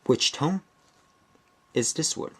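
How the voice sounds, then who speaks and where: A man teaching a beginner language lesson, explaining step by step in a deliberate, methodical way and often restating or correcting himself mid-phrase. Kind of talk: slow explanatory lesson narration.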